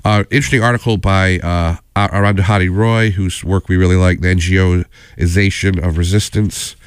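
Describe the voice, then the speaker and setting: A deep-voiced man hosts a college radio talk show, wandering off on tangents as he goes, earnest and unscripted. His voice is smooth and clear, caught close on a studio mic in a dry, dead room. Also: steady tone, fairly quick, no echo. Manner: rambling, digressive, earnest.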